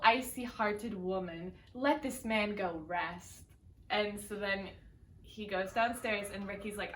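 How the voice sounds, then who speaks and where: A woman's voice: mid-range voice, measured pace, sharp tone. A young woman co-hosting a casual chat, recapping a sitcom episode and acting out the characters' lines in put-on voices. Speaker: podcast co-host. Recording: echoey room, distant from the mic, faint noise.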